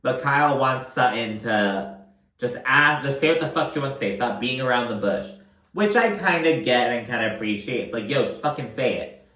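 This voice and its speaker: A man's voice: mid-range voice, lively intonation, normal speed, sharp tone. Rambling, swearing young man in echoey room. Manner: rambling, filler-heavy, swears freely. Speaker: reality TV recap host. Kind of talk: casual profane commentary.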